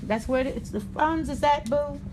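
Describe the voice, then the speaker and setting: A woman's voice: high voice, normal speed, background noise. A woman from New York hosting a live hair tutorial, chatting sassily and directly to her viewers. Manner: sassy, chatty, addresses viewers directly as "y'all" and "honey". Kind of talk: casual live-stream chat while styling hair.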